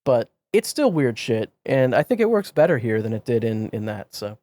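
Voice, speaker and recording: A man's voice: medium pitch, very animated, normal speed, mellow, no echo. A young man co-hosting a casual podcast, giving blunt, profane opinions. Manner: blunt, swears freely. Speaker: podcast co-host. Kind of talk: casual chat.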